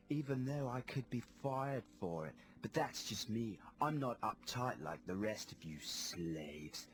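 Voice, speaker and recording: A man's voice: medium pitch, fairly bright tone. A man playing a cheeky male rascal with an exaggerated mock Cockney accent in a comedy radio sketch, sing-song and giggly. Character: cheeky fake-British man-about-town, rascally.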